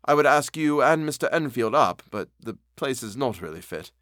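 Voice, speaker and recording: A man's voice: medium pitch, animated, normal speed, a bit bright, dry recording, clean studio sound, close to an everyday voice. A man voicing a gloomy, despairing male doctor who speaks drearily and with weary sighs. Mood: dreary.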